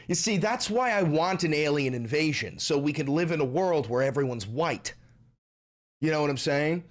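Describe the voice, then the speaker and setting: A man ranting loudly and profanely while chatting on a live stream. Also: fairly high pitch, normal speed. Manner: loud, animated, profane, ranting.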